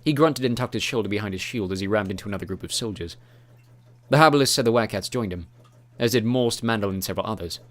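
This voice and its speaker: Lowish male voice reading a fantasy audiobook, steady and even. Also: quick pace. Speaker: audiobook narrator. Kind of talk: scripted fantasy narration.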